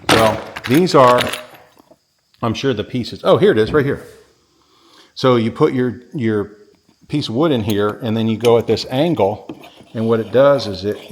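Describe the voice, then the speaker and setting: A man's voice: on the low side, slight background noise. Rambling man touring a workshop. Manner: rambling, listing tools like an auctioneer. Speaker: real estate agent touring a property. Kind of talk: casual walkthrough vlog. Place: indoors in a workshop barn.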